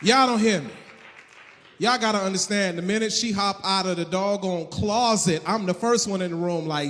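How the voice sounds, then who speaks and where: A man in his thirties performing live stand-up comedy, loud and animated, often shouting. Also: high voice, normal speed, a faint crowd, a little hiss or hum. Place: comedy stage in Miami. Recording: live set with hall reverb.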